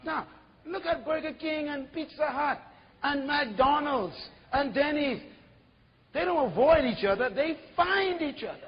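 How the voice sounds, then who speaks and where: A man preaching an animated sermon as pastor, full of rhetorical questions. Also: very high voice, measured pace, big-room sound, lo-fi sound.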